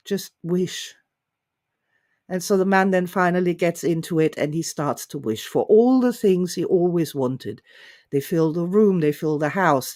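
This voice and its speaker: A woman hosting her own show, telling a story in a musing, unhurried way with frequent restarts. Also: lowish voice, darkish tone, no echo, studio quality. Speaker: host. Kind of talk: storytelling talk.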